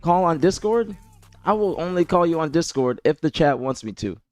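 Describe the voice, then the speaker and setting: A man's voice: on the high side, lively intonation, normal speed, darkish tone, dry recording, soft background music. A man streaming live, ranting heatedly at his chat and repeating himself, with incredulous laughs. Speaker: streamer and esports analyst. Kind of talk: livestream rant to chat.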